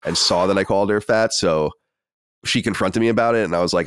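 A man co-hosting a podcast, telling stories in quick, blunt casual chat. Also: low voice, smooth, no room sound, studio quality. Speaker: podcast co-host.

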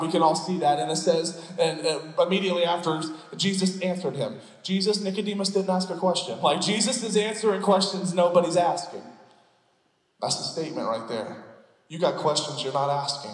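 A male pastor preaching a sermon, telling stories with an animated, playful manner and quick asides. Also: a little high. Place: church sanctuary. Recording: echoey church hall.

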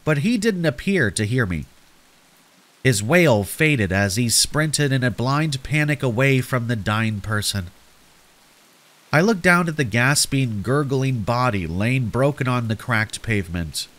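Slow, expressive male horror narrator. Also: mid-range voice. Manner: slow, dramatic storytelling.

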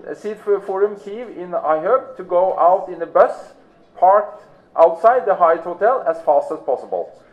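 A man giving practical schedule announcements to a conference audience in a hotel ballroom, matter-of-fact with many fillers. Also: high-pitched. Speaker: event organizer making announcements. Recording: tinny phone-like recording.

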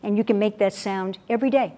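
A woman's voice: medium pitch, quick pace. A middle-aged woman coaching a live audience in a motivational talk, stressing key words by repeating them and coaxing listeners to join in. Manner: lively, coaxes the audience to join in. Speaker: public speaking coach. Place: event venue with an audience.

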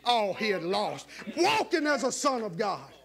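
Male preacher, very high voice, fervent, shouts then drops to a hush. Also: big pitch swings, a little slow, vocal fry. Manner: fervent, swinging between shouting and hushed asides. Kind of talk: sermon.

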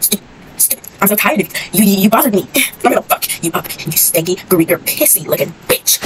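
A woman narrating her gameplay in a loud, brash, trash-talking way, cursing freely and hamming up every moment. Her voice sits at a middling pitch for a woman. The recording carries a steady layer of noise under her voice. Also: a little fast, pauses often, poor audio. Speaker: gaming video creator. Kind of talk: gameplay commentary.

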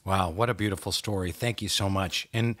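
A man hosting a podcast interview, reacting warmly and asking follow-up questions. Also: deep voice, steady tone, a little fast. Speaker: podcast host.

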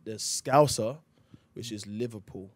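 A man's voice: fairly low pitch, unhurried, no room sound. A man with a South London accent, a guest chatting casually in a radio interview and rambling with lots of "you know". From England. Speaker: actor guest.

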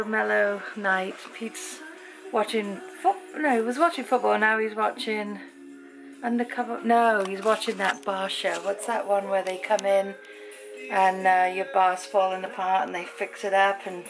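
A middle-aged British woman talks straight to her viewers at home, candid and chatty, as in a daily vlog. Her voice has a gravelly creak to it, and music plays clearly behind her. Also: medium pitch, low-quality recording. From Britain. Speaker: vlogger. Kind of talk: casual daily vlog chat.

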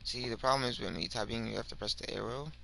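A young man giving slangy, rambling commentary over his game, swinging from mumbles to shouts. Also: mid-range voice, fast talker, gravelly, slight background noise. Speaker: gaming video creator. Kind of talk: casual gameplay commentary.

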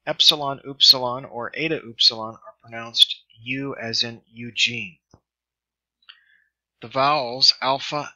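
A middle-aged man teaching in a recorded lesson, speaking slowly and carefully as he drills pronunciation. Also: medium pitch, sharp tone. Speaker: Greek teacher. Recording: dull lo-fi screen recording.

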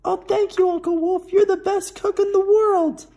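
A young man voicing an excitable mother hen in a read-aloud storybook, squealing in a very high, loud voice. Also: moderate pace. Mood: grateful.

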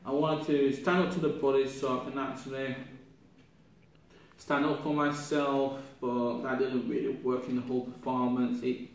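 A young man, a drama student, reflecting aloud on his performance in a halting, rambling way with many restarts, sounding ill with a cough. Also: mid-range voice, little pitch movement. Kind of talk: spoken self-reflection. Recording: echoey room from far off, faint noise.

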